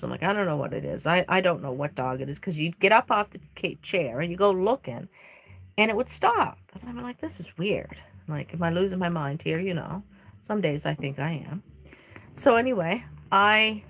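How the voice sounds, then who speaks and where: A woman chatting casually while she paints a doll on a live stream, telling rambling stories in an expressive way. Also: lowish voice.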